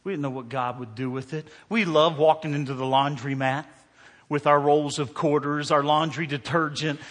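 Male pastor, slightly high, bright voice, storytelling sermon delivery, long hall reverb. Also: fairly even intonation, normal speed. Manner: storytelling preacher, swings from hushed to emphatic.

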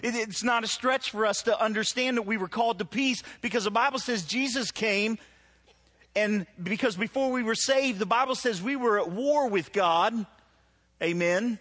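A middle-aged man preaching a live sermon in a conversational, joking way, his voice climbing high when he stresses scripture. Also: normal speed, a bit bright. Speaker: pastor.

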